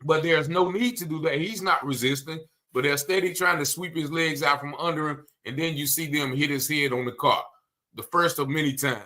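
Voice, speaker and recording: A man's voice: a little high, fairly quick, pushed and bright. A man commenting on a video, emphatic and blunt, repeating his points with indignation.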